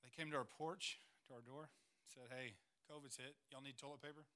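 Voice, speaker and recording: A man's voice: mid-range voice, fairly even intonation, fairly quick, bright, forceful tone. A man, a church planter telling stories in a missions presentation, earnest and emotional, near tears at times.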